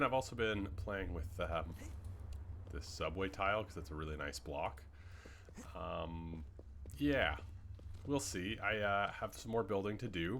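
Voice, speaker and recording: A man from Canada talks his way through a building session in casual, rambling gameplay commentary. His slightly low voice is bright and edged, and it bounces up and down a lot. There is a faint hiss behind him. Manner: rambling, chatty, lots of fillers and trailing asides. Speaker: gaming channel host.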